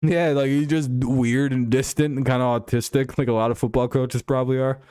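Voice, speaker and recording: A man's voice: mid-range voice, level tone, brisk, mellow, smooth, no echo, clean studio sound. A man hosting a casual stream, rambling and joking crudely about sports. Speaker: streamer host.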